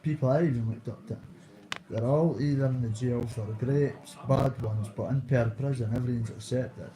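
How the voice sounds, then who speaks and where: A man's voice: mid-range voice, normal speed, mellow, low-quality recording. A man in his thirties with a Dundee Scottish accent, rambling through casual street stories in slang with swearing. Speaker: vlogger.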